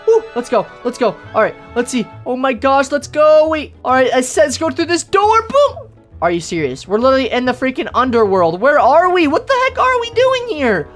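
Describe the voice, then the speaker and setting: A woman commenting on a game in a high, sing-song voice that leaps all over the place. She gets excitable, gasping and shrieking as things happen. Faint music plays behind her. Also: moderate pace. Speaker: gaming host.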